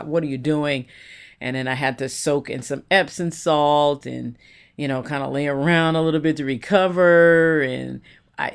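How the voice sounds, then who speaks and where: A woman's voice: extremely low pitch, vocal fry, clean tone. A woman giving a chatty, rambling voice-over while she makes a scrapbook layout at her craft desk, often correcting herself.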